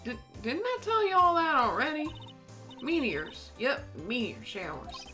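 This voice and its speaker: A woman's voice: mid-range voice, moderate pace, pushed and bright, soft background music, close to an everyday voice. Lotta Hart, a drawling country gal as a woman puts her on. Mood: folksy. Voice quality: drawling rustic twang. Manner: folksy and boastful. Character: brash young country woman photographer.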